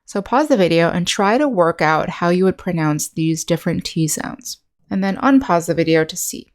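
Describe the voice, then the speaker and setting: With a voice on the low side, an American English teacher guides an online lesson, speaking clearly and patiently while she slowly models each sound.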